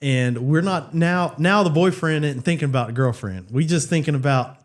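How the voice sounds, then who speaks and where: A man's voice: fairly high pitch, normal speed. A man, a church youth leader, telling a story casually and animatedly, with frequent fillers and laughter.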